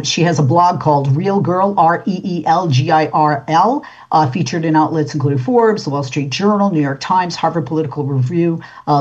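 A woman's voice: deep voice, darkish tone. A woman hosting a talk show, chatting casually with a guest and filling her speech with uh and you know. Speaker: radio talk show host. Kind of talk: casual interview chat. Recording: dull lo-fi sound.

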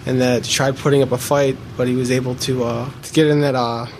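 A man testifying from a witness stand in a courtroom. His voice sits in an ordinary middle register, and he stops and restarts often, padding his account with fillers and pauses. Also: mid-range voice, level tone, noisy background. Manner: halting, many fillers and pauses. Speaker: trial witness.

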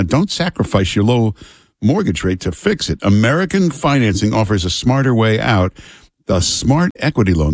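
A man hosting a talk radio show, chatting casually and reading ads in a relaxed, unhurried way. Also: lowish voice, no room sound, clean studio sound. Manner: relaxed, unhurried, filler-heavy. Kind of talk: casual talk radio chat and live ad reads.

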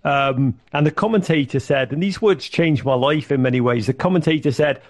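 A middle-aged man giving an animated interview, full of restarts and acted-out quotes. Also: fairly high pitch, a little fast, hardly any pauses. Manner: animated, acts out quoted voices, many restarts. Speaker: podcast network founder, guest. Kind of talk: conversational interview storytelling.

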